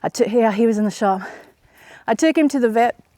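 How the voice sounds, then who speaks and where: Outdoors on a farm, an Oklahoma woman who vlogs about homesteading talks through her chores in a loose, rambling way, slightly out of breath and full of filler words. She speaks a little fast, her pitch fairly high and her tone dark.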